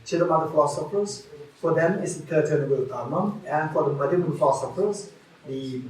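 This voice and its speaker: A man's voice: a little high, animated, brisk, heavy reverb, far from the mic, a little hiss or hum, rough recording. A man giving a Buddhist teaching at a retreat, repeating key phrases and restarting often.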